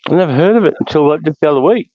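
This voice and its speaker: A man's voice: fairly high pitch, expressive, racing, no echo. A man in casual chat, rambling through stories with heavy swearing. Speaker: voice chat member. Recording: dull lo-fi dry sound.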